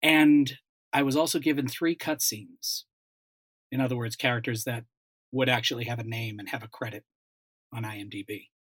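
A man's voice: mid-range voice, fairly even intonation, moderate pace, fairly bright tone, no echo. A man, a dialect coach and voice actor, telling a story in a casual panel chat, with many restarts.

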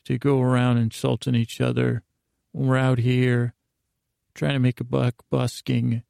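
A man's voice: medium pitch, flat delivery, unhurried, creaky, warm tone, clear, resonant tone, no echo, clean studio sound. A man voicing a sassy, wisecracking male ventriloquist dummy in a breezy, jokey way.

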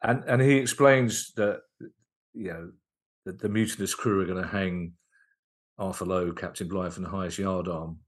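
A man with a fairly low voice tells comedy anecdotes as a podcast guest. He sounds enthusiastic and animated, tripping over his words and restarting sentences as he goes. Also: normal speed. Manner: lively, enthusiastic retelling with frequent restarts. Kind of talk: anecdotal storytelling in casual podcast chat.

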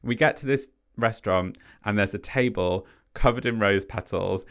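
A man, a podcast guest, telling a personal story in conversation in an animated way. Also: fairly low pitch, normal speed. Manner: animated, acts out quotes.

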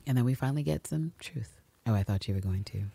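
Animated woman acting out scenes. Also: a bass voice, fast talker, creaky, slightly rough, no echo. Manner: animated, acts out characters in exaggerated voices, swears freely. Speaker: podcast co-host. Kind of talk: casual recap chat.

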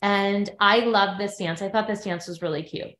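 A woman's voice: medium pitch, moderate pace. Chatty woman in a roomy room. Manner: animated storyteller, acts out quotes from others. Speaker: podcast co-host recapping a reality show she appeared on. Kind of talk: casual chat. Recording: roomy echo.

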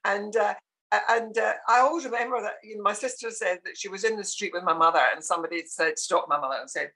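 A woman's voice: medium pitch, fairly even intonation, fast, bright, forceful tone. Older woman laughing through anecdotes. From Scotland. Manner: laughs often while telling anecdotes. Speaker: guest. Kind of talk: conversational interview.

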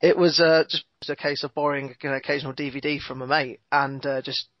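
A man's voice: on the high side, level tone, fairly quick, no echo, highs cut off. A man in his twenties co-hosting a podcast, easygoing and laid-back. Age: 20s. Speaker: podcast co-host. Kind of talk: casual podcast chat.

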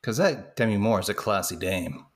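Lively, low-voiced joking man. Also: moderate pace. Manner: wry, joking interjections. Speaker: podcast co-host. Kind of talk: casual movie recap chat.

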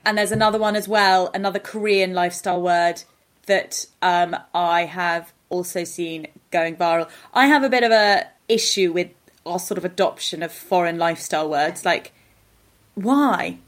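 A woman's voice: on the low side, normal speed. A woman from Denmark co-hosting a podcast, chatting in a wry, opinionated way, recorded remotely from home. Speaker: podcast co-host. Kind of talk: casual chat.

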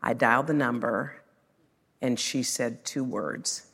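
A woman's voice: extremely low pitch, slow pace, fairly bright tone, husky, long reverb tail. A woman guest sharing a personal story in conversation, emotional and building to hopeful emphasis.

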